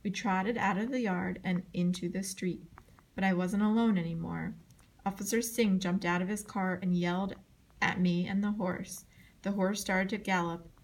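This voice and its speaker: At a moderate pace, a woman reads a chapter book aloud as scripted audiobook narration. Her characters' lines come alive with animated voices, and her pitch leaps up for the shouted parts.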